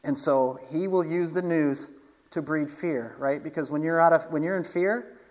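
A man's voice: on the high side, normal speed, darkish tone, poor audio. A man preaching in a casual storytelling manner, chatty, with frequent asides, restarts and laughs.

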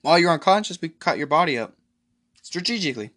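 A man voicing a cold, vengeful male doctor who speaks with flat, menacing calm. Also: a little high, fast, voice pushed up. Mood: coldly calm.

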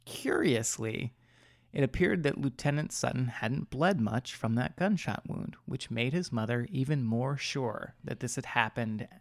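A man of middle pitch tells a story on a podcast in loose, chatty fashion. He rambles, stumbles on words and pokes fun at himself with frequent laughs. The sound is close and dry. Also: animated, a little slow, no room sound. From Maryland. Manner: rambling, self-deprecating, laughs often, stumbles over words. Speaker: podcast co-host. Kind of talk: casual storytelling chat.

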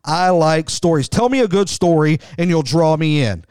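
A middle-aged man hosts a wrestling podcast, talking with enthusiasm in a loose, conversational way and often restarting his sentences. His voice is slightly higher than most men's, smooth and clear, and recorded dry and close. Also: lively intonation, normal speed, a little mellow, no echo. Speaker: wrestling show host. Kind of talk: podcast commentary.

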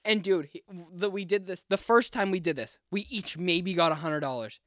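A man's voice: high voice, normal speed, no room sound, studio quality. A young man co-hosting a podcast, telling stories in a casual chat with lots of swearing. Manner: animated storytelling, swearing, mimicking his brother. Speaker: podcast co-host.

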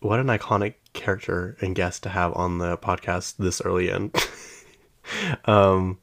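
Deep-voiced man rambling on his podcast. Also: fairly even intonation, unhurried, gravelly, a bit bright. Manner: rambling, drifts off topic with many fillers; chatty storyteller who laughs often. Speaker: podcast host. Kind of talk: casual solo podcast chat. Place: his home podcast room.

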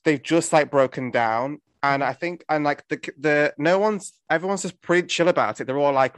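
A man's voice: a little high, normal speed, hardly any pauses, fairly bright tone, no room sound. A man in casual conversation, animatedly mocking a film's characters with profane jokes. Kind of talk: casual film review chat.

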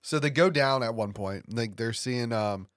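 Man, mid-pitched voice, casual podcast chat, dry close recording. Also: moderate pace, no room sound. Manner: relaxed, explains film references. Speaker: podcast co-host. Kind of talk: casual film discussion.

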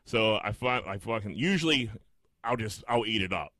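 A man's voice: fairly low pitch, lively intonation, moderate pace, sharp tone, no echo. A man telling a story in a casual podcast chat, swearing freely and acting out both sides of phone calls.

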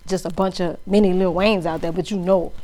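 A woman's voice: lowish voice, steady tone, fairly quick, dark tone, rough recording. A woman co-hosting a podcast in casual chat, playful and teasing in a chatty way. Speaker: podcast co-host.

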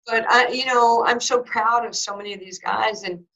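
A woman in her fifties from New York, a former basketball player telling animated stories in an interview and acting out quotes. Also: fairly high pitch, moderate pace, highs cut off. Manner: lively anecdotes with acted-out quotes, many fillers.

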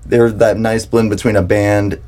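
A young man from South Carolina hosting a podcast in relaxed casual chat, rambling and saying "dude" and "like" a lot. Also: lowish voice, a little slow. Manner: laid-back, rambling, heavy on "dude" and "like". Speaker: podcast host.

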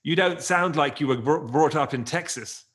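A middle-aged man with a British accent, hosting an interview and telling stories in a relaxed way. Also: on the high side, moderate pace. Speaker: podcast host. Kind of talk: conversational interview.

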